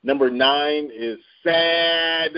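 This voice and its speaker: A man's voice: fairly high pitch, drawn-out words, clear, resonant tone. A man hosting a casual radio-style chart rundown, joking and slangy with frequent laughs. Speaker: radio show host. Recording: dull lo-fi sound.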